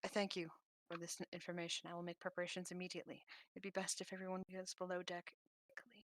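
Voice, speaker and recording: A woman voicing a polite, measured male dwarf ship captain in a tabletop game. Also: medium pitch, sharp tone, no echo. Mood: grave.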